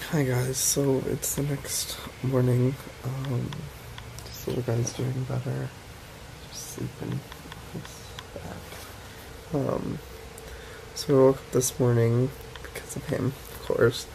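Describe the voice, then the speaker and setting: A man's voice: medium pitch, level tone, slow pace, creaky, pauses often, background noise. A young man talking casually to his vlog camera, chatty and rambling with lots of fillers. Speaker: vlogger.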